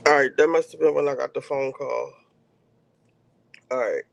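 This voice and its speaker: A man hosting a casual livestream review of a reality show, ranting in an animated, profane way straight to his viewers. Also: mid-range voice, normal speed, gravelly, slight background noise.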